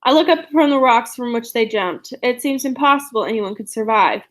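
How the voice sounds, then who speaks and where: A woman's voice: a little high, moderate pace. Woman reading a novel aloud. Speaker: reader of a novel.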